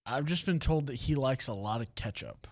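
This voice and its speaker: A man's voice: medium pitch, lively intonation, moderate pace. A man co-hosting a casual sports chat show, trading dry, teasing one-liners. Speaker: co-host.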